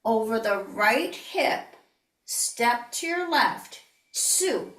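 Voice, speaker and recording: Calm woman teaching tai chi, echoey. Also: fairly high pitch, takes it slowly, recorded from a distance. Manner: calm, step-by-step cueing, breathing out whispered healing sounds. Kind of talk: online movement class instruction. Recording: echoey room, voice heard from off the mic.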